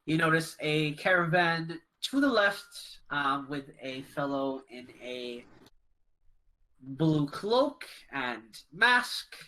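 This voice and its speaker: A game master runs a tabletop session, speaking slowly and stopping often. The voice is bright and clear. Fillers break up nearly every sentence. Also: mid-range voice, expressive, low-quality recording. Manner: halting, full of fillers.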